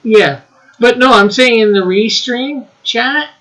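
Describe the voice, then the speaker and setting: A man's voice: extremely high pitch, slow, sharp tone, poor audio. A man co-hosting a casual livestream, joking around and reading viewer comments aloud. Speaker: co-host reading live chat.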